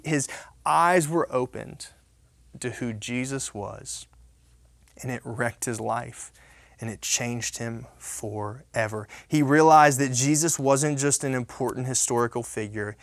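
A man's voice: medium pitch, a bit bright, no echo. Casting note: male pastor giving a sermon, conversational and emphatic, dry close sound. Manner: conversational, emphatic, frequent "right?" and restarts.

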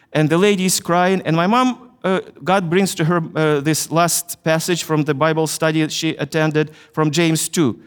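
A middle-aged man from Ukraine with a Ukrainian accent, telling a story in a chapel sermon with earnest pauses and hesitations. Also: fairly high pitch, fairly even intonation, clear, resonant tone. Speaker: chapel speaker. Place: university chapel. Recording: long hall reverb.

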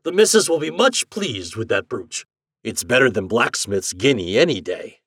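A man's voice: medium pitch, sing-song, moderate pace, fairly bright tone, husky, dry recording, clean studio sound, heavily acted. A man doing a fretful rustic landlord. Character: worried rustic male landlord, fussing.

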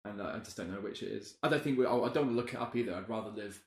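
A man co-hosting a casual film chat, animated, with rambling restarts. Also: lowish voice, rapid-fire. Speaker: podcast co-host. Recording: roomy echo.

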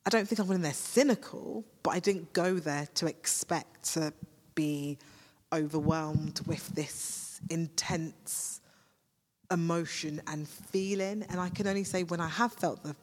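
Her voice on the low side and her pace unhurried, a ministry leader chats casually about faith as a podcast guest. She gropes for words and interrupts herself, livening up when something amuses her, all under long reverb.

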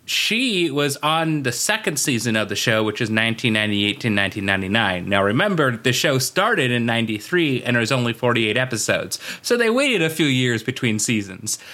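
Male podcast co-host, bright tone, chatty trivia delivery with lots of asides. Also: medium pitch, expressive, a little fast, hardly any pauses. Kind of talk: casual chat.

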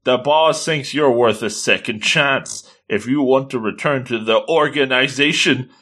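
A man's voice: mid-range voice, measured pace, bright, forceful tone. A man voicing a threatening male mob hitman.

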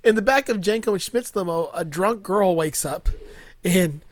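A man's voice: high voice, normal speed. A man recapping a movie in casual chat, crude and full of fillers, often laughing. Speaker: podcast host recapping a film.

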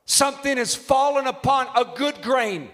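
A young man preaching an impassioned sermon in a church, shouting at the peaks and quoting scripture. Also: very high voice, normal speed. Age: young adult. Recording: long hall reverb.

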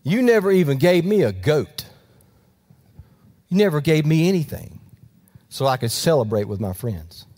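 A resentful young man complains that he never got his due, his voice climbing high and sharp. A preacher acts him out in the middle of a sermon. He sounds aggrieved and self-righteous. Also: sing-song, normal speed, long pauses. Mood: indignant. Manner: indignant, complaining, raised pitch. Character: resentful older brother, young man, indignant.

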